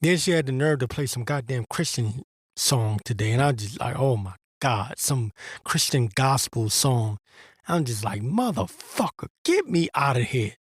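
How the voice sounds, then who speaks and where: A man's voice: mid-range voice, normal speed, breathy edge, dry recording, clean studio sound. A man giving a blunt, profane religious monologue as host, in an exasperated and crude manner. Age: adult veteran.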